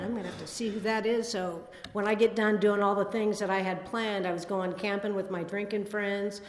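A woman in her sixties giving a rambling, self-deprecating personal recovery testimony at a meeting, full of fillers and restarts. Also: mid-range voice. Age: 60s. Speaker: speaker sharing at a recovery meeting. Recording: echoey hall with long reverb.

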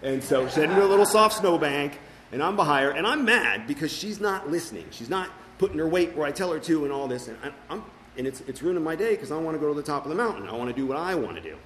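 A man's voice: fairly high pitch, animated, fast, few pauses, a bit bright, a little hiss or hum, rough recording. A middle-aged man sharing his recovery story as personal testimony at a meeting, earnest and full of fillers and restarts.

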